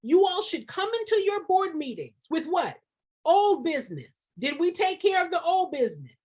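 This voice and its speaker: A woman coaching nonprofit leaders in a passionate live talk, preachy and often breaking into shouting, hammering points home by repeating phrases. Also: very high voice, big pitch swings, normal speed.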